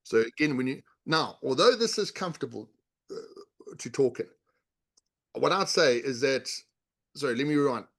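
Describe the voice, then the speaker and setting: A man's voice: mid-range voice, lively intonation, moderate pace, pauses often. A middle-aged man as an interview guest, explaining body language with instructive examples and demonstrations. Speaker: guest, body language author and leadership coach.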